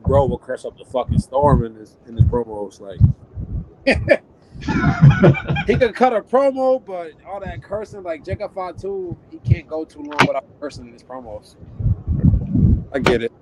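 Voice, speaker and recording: A man's voice: medium pitch, very animated, normal speed, crowd noise, low-quality recording. A man co-hosting a podcast, talking casually in slang with many fillers. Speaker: podcast co-host. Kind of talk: casual chat.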